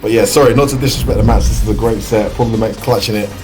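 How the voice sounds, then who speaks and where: A British man giving excitable, chatty live commentary on a fighting-game match. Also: lowish voice, fast talker, over music. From United Kingdom. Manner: excitable, chatty, laughs often. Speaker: esports commentator.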